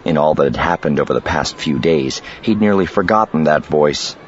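Man, audiobook narration, dramatic reading, very deep voice, dull lo-fi recording. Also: animated, moderate pace, slight background noise. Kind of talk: scripted narration.

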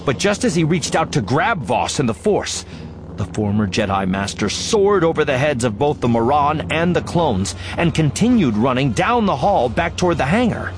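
Expressive male audiobook narrator. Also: fairly high pitch, moderate pace. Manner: expressive, voicing characters. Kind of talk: dramatic story narration.

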